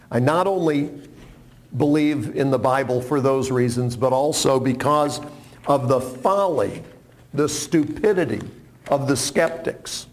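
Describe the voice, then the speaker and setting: A man preaching a sermon, animated and humorous, acting out quotes as he tells stories. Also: medium pitch.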